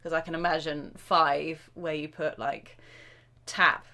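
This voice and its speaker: A woman drum teacher hosting a live question-and-answer stream, chatty and excitable, with lots of fillers and self-interruptions. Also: deep voice, measured pace.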